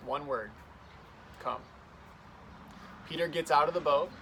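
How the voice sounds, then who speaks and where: A man's voice: fairly high pitch, fast talker, fairly bright tone, a little hiss or hum. Earnest young man giving a youth devotional. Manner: earnest, conversational storytelling. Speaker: youth pastor.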